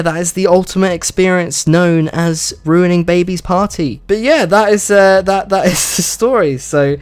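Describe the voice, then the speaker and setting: Sweary young vlogger. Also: male voice, a little high, smooth. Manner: casual, sweary, laughing storyteller. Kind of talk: storytelling vlog.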